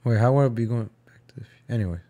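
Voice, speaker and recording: A man's voice: mid-range voice, very fast, warm tone. A young man casually joking and rambling as he reacts to old film footage for his viewers. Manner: joking, rambling, talks to viewers as folks and guys.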